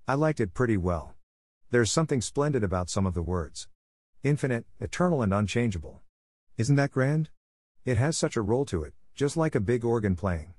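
A talkative, imaginative orphan girl chatters eagerly, as a man reads her part. The reading lifts only a little in pitch and stays close and dry. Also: a little mellow, no room sound, natural voice.

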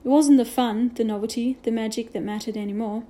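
A woman reading a children's novel aloud with gentle storytelling and hushed asides. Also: a little high, steady tone, brisk. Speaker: reader.

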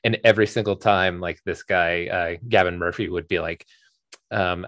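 A man's voice: deep voice, steady tone, normal speed, a bit bright, dry recording, clean studio sound. A man co-hosting a movie podcast in casual chat, rambling with lots of fillers and restarts. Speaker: podcast co-host.

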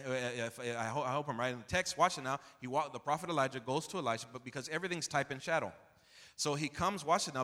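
Impassioned preacher in a reverberant church. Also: male voice. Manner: impassioned preaching, rising to near-shouts and dropping low; calls out to the congregation for responses. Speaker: pastor. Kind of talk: expository sermon. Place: church sanctuary. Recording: long hall reverb in a church.

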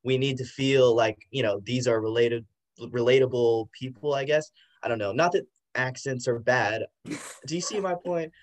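Casting: male podcast co-host, opinionated but hedging, casual chat, mid-pitched. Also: normal speed. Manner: opinionated, hedging, seeks agreement. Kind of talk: casual film review chat.

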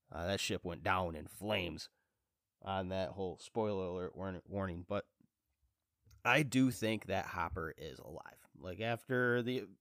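Man, 30s, low voice, congested chest, rambling casual host, self-deprecating, dry close sound. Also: vocal fry, no echo. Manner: rambling, self-deprecating, lively quoted reactions. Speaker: podcast host. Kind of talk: casual chat.

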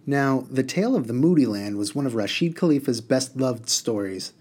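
A man's voice: mid-range voice, moderate pace. Man reading a novel aloud. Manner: expressive reading that breaks off for class chat.

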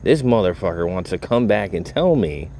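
A man with a very low, deep voice tells a rambling personal story in a casual, joking way. He swears freely and chuckles between lines. Faint background noise sits under his voice. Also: lively intonation, moderate pace, dark tone. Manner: profane, joking, chuckles often.

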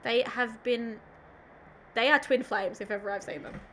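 A woman's voice: on the high side, fairly even intonation, normal speed, a bit bright, a little hiss or hum. A young woman co-hosting a casual podcast chat, rambling with lots of 'like' and 'um' and trailing off mid-thought. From Australia. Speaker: podcast co-host.

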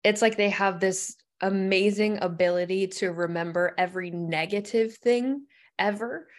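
A woman's voice: medium pitch, moderate pace. A woman in a casual podcast conversation who keeps checking for agreement with "right?".

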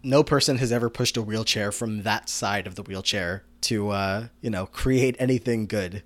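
A man's voice: fairly low pitch, normal speed, a bit bright, no echo. A man hosting a casual podcast, recapping a TV episode in a rambling way with lots of fillers. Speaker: podcast host.

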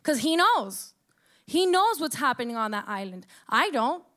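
A woman's voice: high voice, very animated, a little slow, fairly bright tone. A young woman from the United States giving an impassioned personal monologue, emotional and close to tears, swearing as she speaks.

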